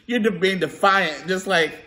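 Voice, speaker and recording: A woman vlogger from California telling a story to camera while eating, animated and laughing often as she quotes herself. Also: on the low side, normal speed. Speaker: mukbang vlogger.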